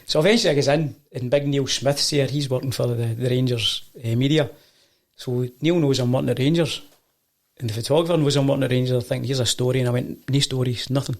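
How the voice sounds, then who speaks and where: A Scottish football coach rattling through an anecdote in quick speech. His voice is gravelly, and he acts out the people he quotes. The tone is casual and chatty. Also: mid-range voice. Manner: animated anecdote-telling, acting out quoted voices. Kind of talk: casual storytelling.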